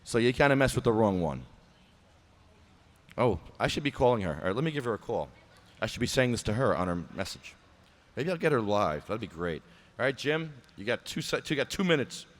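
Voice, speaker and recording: A man's voice: mid-range voice, sing-song, fairly quick. A man hosting a talk podcast, ranting in an abrasive, mocking way and leaving a confrontational phone message. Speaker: podcast host. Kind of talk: ranting talk show with prank-style phone call.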